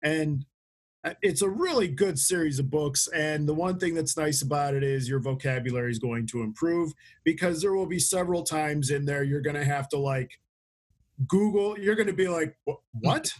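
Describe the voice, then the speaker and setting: A man's voice: a little high, normal speed. A man chatting casually on a podcast, rambling with restarts and fillers as he describes a book. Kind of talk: casual chat.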